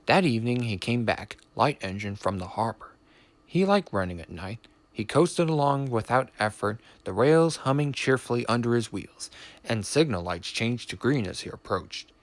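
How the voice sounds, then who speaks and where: A man reads a children's train story aloud with lively, expressive narration. His pitch moves a lot, and the recording is close and dry with no room sound. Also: normal speed, dry recording. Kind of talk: storybook reading with voices.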